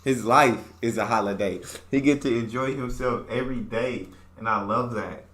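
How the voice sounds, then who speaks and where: Relaxed man reacting with bright tone. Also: mid-range voice, moderate pace. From United States. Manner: relaxed, repeats points back in his own words. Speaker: reaction channel host. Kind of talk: casual reaction commentary.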